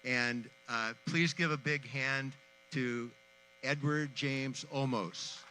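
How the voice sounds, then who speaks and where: A man's voice: mid-range voice, steady tone, pushed and bright, a little hiss or hum, poor audio. Earnest man announcing at an outdoor ceremony. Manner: earnest, halting with fillers. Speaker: event organizer introducing the host. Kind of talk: public announcement at a memorial ceremony. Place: outdoor community event.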